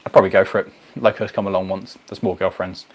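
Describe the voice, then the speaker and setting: A man hosting a casual livestream, chatting to viewers in a rambling, animated way. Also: sits low, quick pace. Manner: rambling, animated, goes off on tangents. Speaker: livestream host. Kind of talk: casual chat reading viewer comments.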